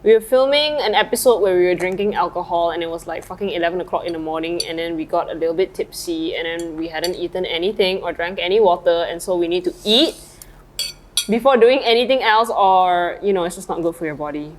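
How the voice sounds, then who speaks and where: A woman's voice: fairly low pitch, fast talker, a little hiss or hum, low-quality recording. A woman co-hosting a podcast in casual chat, rambling with lots of fillers, eating lunch and a little tipsy as she talks. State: eating while talking, slightly tipsy. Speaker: podcast co-host.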